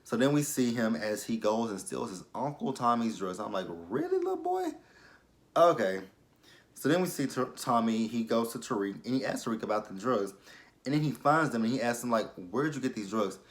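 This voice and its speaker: A young adult man with a medium-pitched, brisk voice recaps a TV episode casually for his vlog. He's chatty and full of fillers, now and then breaking into exaggerated reactions.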